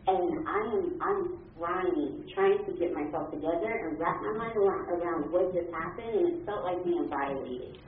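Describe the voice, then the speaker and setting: A woman telling her own story in a halting way, with many fillers and restarts. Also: on the low side, slight background noise. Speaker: caller giving testimony. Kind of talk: personal account. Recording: distant muffled phone line with room echo.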